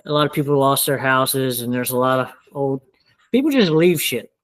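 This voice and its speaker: A man's voice: mid-range voice, expressive, normal speed, poor audio. A young man from South Louisiana with a twangy Southern accent, a podcast guest who rambles casually and swears a lot. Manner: rambling, profane, full of fillers. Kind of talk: casual chat.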